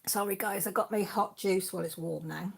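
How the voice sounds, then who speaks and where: A woman's voice: mid-range voice, fairly even intonation, normal speed, gravelly. A Welsh woman in her sixties, a channel host chatting casually on a live stream and reading out viewer comments in a rambling, friendly way. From Wales. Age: 60s.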